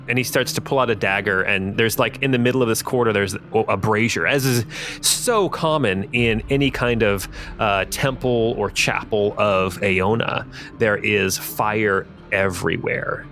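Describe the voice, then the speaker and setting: A man's voice: lowish voice, normal speed, fairly bright tone. A man hosting and game-mastering a tabletop fantasy game, narrating scenes with frequent fillers. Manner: fillers and restarts, descriptive narration.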